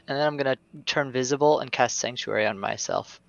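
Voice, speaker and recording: Man, tabletop player, casual, upbeat, mid-pitched, laughs often. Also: a little fast, vocal fry, fairly bright tone, dry recording. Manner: upbeat, laughs between lines. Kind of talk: casual chat at a tabletop game.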